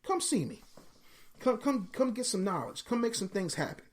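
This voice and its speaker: A man's voice: high voice, big pitch swings, normal speed. Emphatic, slangy motivational speaker man. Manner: emphatic, preachy, slangy, repeats words. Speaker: motivational podcast host. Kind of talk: live motivational talk.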